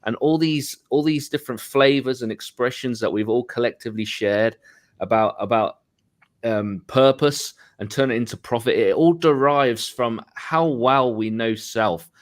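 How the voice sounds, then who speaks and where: A man with a middle-pitched voice speaks earnestly about purpose and self-knowledge. His delivery is reflective and motivational, like a coach sharing wisdom with peers. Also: normal speed. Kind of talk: reflective casual talk.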